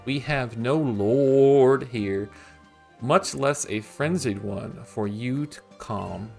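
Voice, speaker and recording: A man voicing a dignified, calm female clan leader from a game, reading her lines in a slow, measured way. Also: mid-range voice, gravelly, faint music behind. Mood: stately. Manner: slow, measured, stately delivery.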